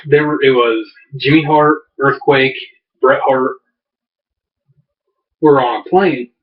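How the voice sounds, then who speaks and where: A man's voice: mid-range voice, fairly even intonation, slow pace. A man co-hosting a podcast, telling stories in casual chat with lots of fillers and restarts. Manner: rambling storyteller, many fillers and restarts. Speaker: podcast co-host. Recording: distant, dull lo-fi mic.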